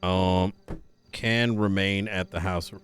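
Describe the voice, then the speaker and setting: A man's voice: deep voice, steady tone, slow. A man in a casual roleplay doing a put-on accent, hesitant and swearing casually.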